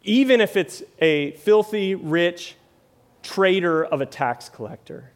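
A man's voice: sits high, animated, takes it slowly. A man preaching a sermon in a conversational way, often tagging lines with "right?" and "like". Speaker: pastor.

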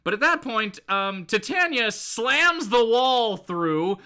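Bright, lively male podcast co-host. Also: very high-pitched, slow, smooth. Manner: laughs often, reads comic lines in playful voices. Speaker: podcast co-host recapping comics. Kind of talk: casual chat.

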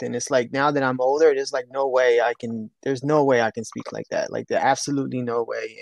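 Halting, reflective man, dry close sound. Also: medium pitch, dry recording. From Philadelphia. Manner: halting, repeats himself, reflective. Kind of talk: casual chat.

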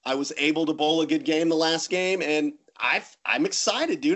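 A man co-hosting a podcast, telling stories in casual chat with animated, self-mocking humor. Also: fairly high pitch, normal speed. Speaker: podcast co-host.

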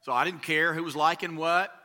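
A man preaching a sermon as pastor, talking in a conversational way and swelling louder on key phrases. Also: fairly high pitch, fairly even intonation, fairly quick.

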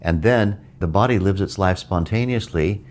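Very deep-voiced calm man teaching meditation. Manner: calm, measured, reflective delivery. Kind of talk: spiritual talk.

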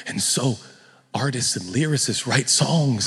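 A middle-aged man preaching a sermon as pastor, animated and joking in a conversational way. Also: mid-range voice, normal speed, slightly rough, long reverb tail.

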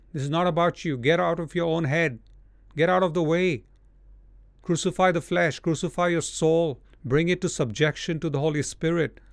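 A man's voice: fairly high pitch, dry recording, clean studio sound. A man preaching a sermon, hammering repeated commands and mimicking whining people. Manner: forceful, repetitive exhortations, mocking whiny voices.

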